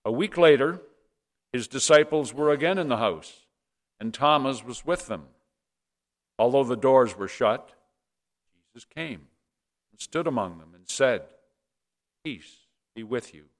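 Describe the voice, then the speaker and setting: A man reading a gospel passage aloud in a church service, measured and deliberate. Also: medium pitch, expressive. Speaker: scripture reader.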